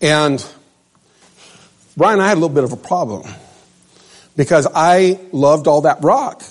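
A man's voice: on the high side, a little slow. Older male preacher, conversational sermon. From Central California. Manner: conversational preaching, addresses listeners by name.

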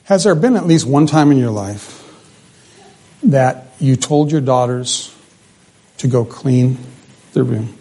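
A man's voice: mid-range voice, takes it slowly, pauses often. A man preaching a sermon, asking the congregation rhetorical questions as his voice climbs and drops. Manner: animated preaching with rhetorical questions, voice rising and falling. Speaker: pastor.

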